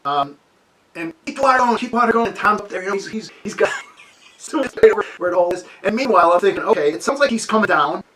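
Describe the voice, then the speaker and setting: A man in his sixties telling a childhood story at home in a casual, animated way, laughing often and acting out the scenes. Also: high-pitched, fast talker, noisy background. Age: 60s. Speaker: amateur radio hobbyist. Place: home with a wood stove.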